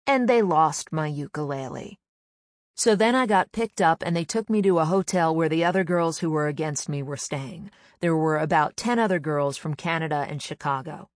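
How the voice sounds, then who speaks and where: A woman with a lowish voice tells a personal story in a chatty, meandering way, slipping into the voices of the people she quotes. The sound is close and dry, with no room around her. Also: normal speed, dry recording. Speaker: comedian. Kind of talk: anecdotal storytelling.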